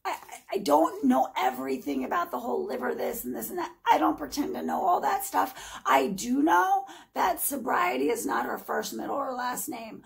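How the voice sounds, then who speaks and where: A woman in her forties with a high voice that keeps dropping into a gravelly fry. She rants on her own vlog in an emphatic, sarcastic way, talking straight at her critics. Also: rough recording. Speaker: vlogger. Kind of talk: heated casual vlog rant.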